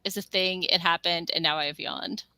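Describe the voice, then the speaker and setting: A woman's voice: lowish voice, fairly even intonation, a little fast, bright, forceful tone, clean tone, dry recording. A woman co-hosting a casual live stream, chatting and reading out comments from the chat. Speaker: stream co-host.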